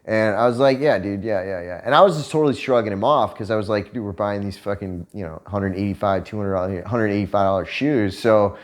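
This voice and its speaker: A man vlogger telling stories in a casual chat, profane and animated, laughing as he tells them. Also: lowish voice, fast talker, few pauses.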